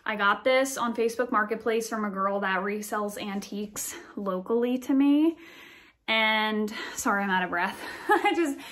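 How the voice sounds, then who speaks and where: A woman's voice: mid-range voice, normal speed, a bit bright, reverberant. A woman, gushing in a bubbly, chatty way as she shows her collection in a casual vlog. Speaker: vlogger. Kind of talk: casual show-and-tell vlog.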